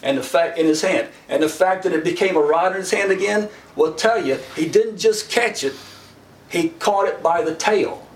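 A man's voice: high voice, moderate pace. A middle-aged man preaching a sermon in a folksy, humorous way, chuckling often and acting out the characters he quotes. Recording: echoey room from far off with faint noise.

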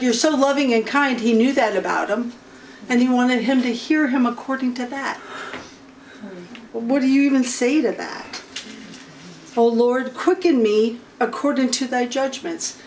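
A woman leading an informal Bible study, unhurried and often stopping to clear her throat. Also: high-pitched. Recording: faint room noise, from a distance.

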